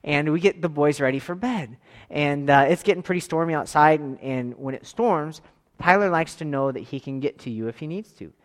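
A man's voice: fairly high pitch, in a large hall. A man in his thirties casually telling a long family camping story, rambling with restarts and acting out quotes. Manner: rambling, animated, with quick restarts and voiced quotes. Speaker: father telling a church camp story.

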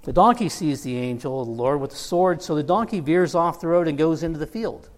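Middle-aged guy preaching, kinda high voice, jokey storytelling, big echoey church hall. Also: brisk. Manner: storytelling with humor, quoting characters in lively voices. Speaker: pastor. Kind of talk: sermon. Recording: long hall reverb.

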